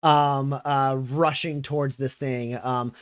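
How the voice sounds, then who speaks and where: A man's voice: mid-range voice, level tone, slow, no room sound, studio quality. Rambling male game master. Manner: rambling, many fillers. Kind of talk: narrating a tabletop game.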